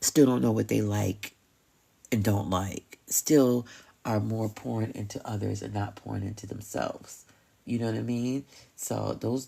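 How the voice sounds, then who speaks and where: Gravelly-voiced tarot reader, chatty and blunt. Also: mid-range voice, dark tone. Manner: chatty and blunt, slangy, swears, laughs often. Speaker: tarot reader hosting a live stream. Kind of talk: casual live-stream tarot reading.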